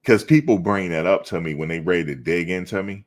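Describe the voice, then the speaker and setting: A middle-aged man with a low, deep voice hosts a loose sports talk stream. He banters with his viewers in animated slang and hammers the same point over and over. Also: a little fast. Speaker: live show host reading chat. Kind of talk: casual sports chat.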